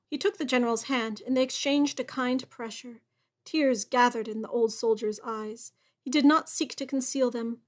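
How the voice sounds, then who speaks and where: High-voiced woman musing over a story. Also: fairly even intonation, normal speed. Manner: chatty, musing and wry in asides. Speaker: reader and host. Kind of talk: reading a Gothic story aloud with casual asides.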